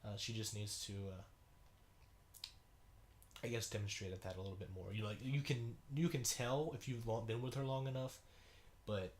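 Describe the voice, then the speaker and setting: Young man, casual rambling commentary, halting speech, lots of fillers, runny nose. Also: on the low side, steady tone, a little hiss or hum. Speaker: video blogger. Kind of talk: casual commentary reading a sibling's schoolwork.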